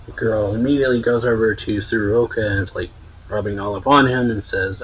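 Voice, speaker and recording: A man's voice: fairly low pitch, fairly even intonation, a little fast, husky. A man hosting an anime reaction show, casually retelling a story with lots of "like", in a dull lo-fi recording. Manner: loose retelling full of "like". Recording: dull lo-fi sound.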